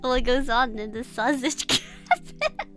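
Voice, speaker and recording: A high, bright-voiced woman chats on a livestream, loud and giggly, with a pitch that leaps all over the place. She swears casually and keeps apologizing, all over faint background music. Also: huge pitch swings, unhurried. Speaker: streamer.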